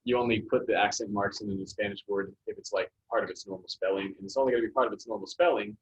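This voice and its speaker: A man's voice: lowish voice, fairly even intonation, fast talker. A man teaching a Spanish class, explaining patiently with many fillers and restarts. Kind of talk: classroom lesson. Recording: dull lo-fi classroom recording with faint noise.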